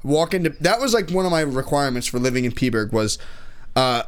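A man's voice: medium pitch, expressive, fairly quick, clear, resonant tone. A man in his twenties telling rambling, profane stories in casual chat, full of restarts. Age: 20s.

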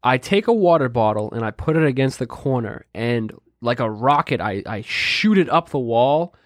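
A young man with a middle-range voice tells a story in lively, animated fashion. He keeps checking in with his listeners along the way. The sound is dry and close, with no room echo. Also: mid-range voice, moderate pace. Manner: animated storyteller, says "right?" and "dude" often. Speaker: podcast co-host. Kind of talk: casual chat, storytelling.

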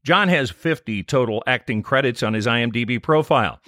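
A man's voice: medium pitch, animated, a little fast, pushed and bright, no echo, studio quality. A man co-hosting a podcast, reading a scripted episode recap with trivia in an upbeat manner. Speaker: podcast co-host.

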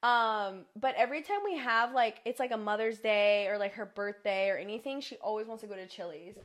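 A young woman co-hosting a podcast, chatting casually with many "like" fillers and quick laughs. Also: mid-range voice, a bit bright. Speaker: podcast co-host. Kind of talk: casual chat.

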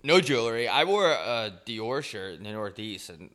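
Bright-toned young male co-host, sweary, mocking, prone to loud bursts. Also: fairly low pitch, very animated, normal speed. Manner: ranting, profane, mocking, swings loud. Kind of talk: casual comedic banter.

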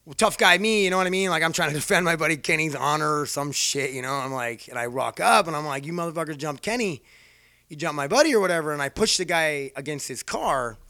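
A man's voice: fairly high pitch, fairly quick, creaky, few pauses, bright, forceful tone, no echo, clean studio sound. A man casually telling a rambling personal story, swearing freely and poking fun at himself. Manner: profane, rambling, self-mocking.

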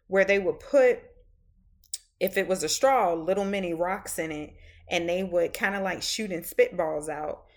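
A woman with a Southern drawl hosts a podcast, talking at her own rambling pace and stretching out her phrases. Her voice sits a touch low for a woman. She fills her pauses with ums and likes. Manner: rambling and chatty, many fillers, drawn-out phrases. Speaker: podcast host. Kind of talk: casual monologue.

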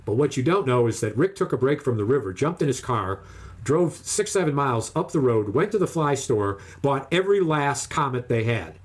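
Husky man telling a fishing story. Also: medium pitch, a little fast. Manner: animated, acts out other people's lines in raised voices. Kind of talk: casual storytelling chat.

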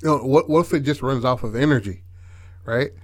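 A man's voice: mid-range voice, moderate pace. A man hosting a podcast in casual chat, laid-back and profane, often checking in with "right?". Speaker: podcast host.

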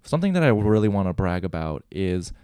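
A man's voice: deep voice, very animated, a little fast, warm tone, clear, resonant tone, no echo, studio quality. A man co-hosting a casual podcast, easygoing and swearing, hyping up his co-host. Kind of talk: casual chat.

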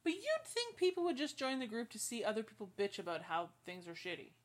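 A woman co-hosting a podcast in casual chat, chiming in with quick wry comments. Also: fairly high pitch, wildly swooping pitch. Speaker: podcast co-host.

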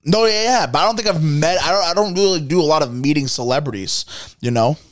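A man from Connecticut rambling through a joking podcast chat as a guest comedian. His voice sits a little high and sounds dry and close on the mic. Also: fast talker, no echo.

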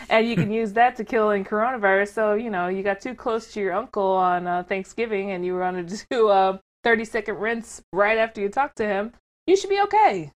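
A woman's voice: medium pitch, fairly even intonation, normal speed. Wry, amused woman chatting. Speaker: podcast co-host. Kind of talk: casual chat with news segments.

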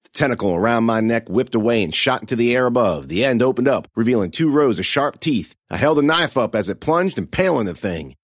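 A man reading a first-person horror story in a dramatic, expressive way. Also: medium pitch, a little fast, hardly any pauses, no room sound, clean studio sound.

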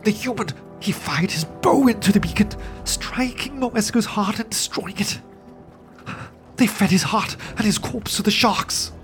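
A man's voice: sits high, measured pace, a bit bright, soft background music, pitched above the performer's own voice. A man voicing a frightened female harpy with a melodic, trembling voice in a tabletop role-playing podcast. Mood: fearful. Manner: trembling, fearful.

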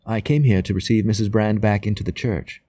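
A man voicing a guarded priest in a low, steady, reserved way, answering curtly. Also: fairly quick, no echo, lightly acted. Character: steady, guarded middle-aged male priest.

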